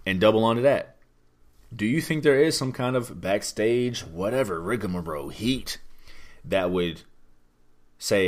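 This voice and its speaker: A man with a lowish, animated voice hosts a podcast at a normal pace, chatting casually about wrestling news. He rambles and speaks emphatically, tossing out plenty of rhetorical questions.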